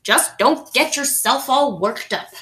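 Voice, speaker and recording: A strict storybook father lays down firm orders in a measured, no-nonsense way, as a woman reading aloud voices him. The voice stays close to her own bright tone, just more clipped and insistent. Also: high voice, lively intonation, a little hiss or hum, pitched above the performer's own voice. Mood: stern. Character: stern, firm father, middle-aged man.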